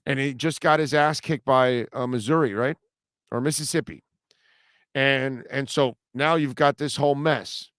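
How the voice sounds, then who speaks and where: Animated sports talk host, smooth voice. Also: male voice, medium pitch, normal speed, no room sound, studio quality. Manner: animated, laughing, rambling with restarts. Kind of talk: casual sports talk show.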